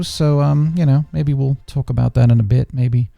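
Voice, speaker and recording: A man's voice: medium pitch, normal speed, vocal fry, few pauses, mellow, faint music behind. A man hosting a casual podcast chat, playful and rambling, often slipping into put-on accents. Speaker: podcast host.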